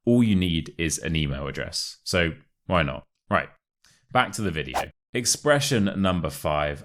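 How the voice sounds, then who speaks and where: A young man with a modern RP British accent teaching English expressions, speaking clearly and slowing down for example phrases. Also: sits low. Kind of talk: online English lesson.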